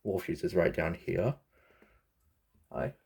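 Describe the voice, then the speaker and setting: A man's voice: deep voice, takes it slowly, gravelly, darkish tone. A young Australian man showing his pet snake in a casual vlog, chatty and rambling, talking to his pets. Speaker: pet vlogger.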